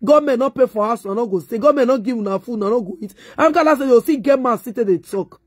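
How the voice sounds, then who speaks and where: A woman's voice: fairly high pitch, lively intonation, racing, no room sound, studio quality. A middle-aged Nigerian woman vlogger delivering a mocking, insulting rant. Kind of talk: ranting monologue.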